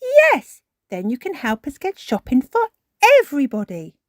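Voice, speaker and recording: A woman voicing a kindly old grandmother pig in a bright grandmotherly way for a storybook reading. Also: high-pitched, wildly swooping pitch, moderate pace, no echo, studio quality, pitched above the performer's own voice.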